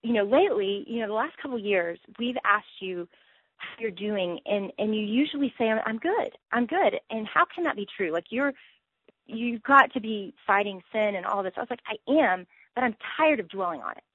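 Give me a woman with a husky voice talking earnestly and haltingly over a phone line. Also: medium pitch, animated, no echo. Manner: earnest, halting, many restarts. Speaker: Bible teacher guest. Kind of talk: casual faith interview.

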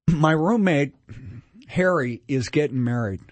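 A man in his sixties from Minnesota, telling his recovery story in a candid, self-mocking, animated way. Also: on the high side, slow pace, dry recording. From Minnesota, USA. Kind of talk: casual storytelling.

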